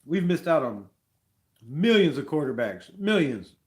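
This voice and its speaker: A man hosting a casual live sports talk stream, rambling and animated, peppering his talk with slang. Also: on the high side, measured pace. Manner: rambling, animated, says "bro" a lot. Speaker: fan show host.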